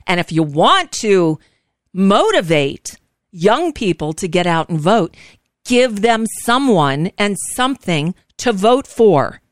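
A woman's voice: mid-range voice, very animated, takes it slowly, no echo, studio quality. A woman hosting a political talk show, emphatic and outspoken, cursing freely and sounding frazzled and worn out. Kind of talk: political talk radio, casual and heated.

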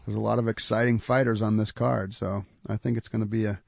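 Gravelly-voiced man co-hosting a podcast. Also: on the low side, fast talker, no room sound. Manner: steady, agreeable, repeats himself. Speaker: podcast co-host. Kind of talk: casual podcast chat.

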